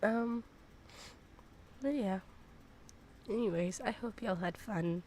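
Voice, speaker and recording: A woman's voice: mid-range voice, takes it slowly, a little mellow, slight background noise. Rambling casual woman streamer. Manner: rambling, filler-heavy, self-deprecating. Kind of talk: casual chat while gaming.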